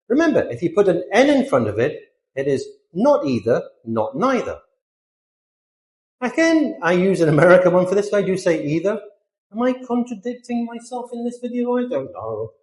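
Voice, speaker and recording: Animated British man teaching English. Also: a little high, reverberant. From Britain. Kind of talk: scripted lesson to camera.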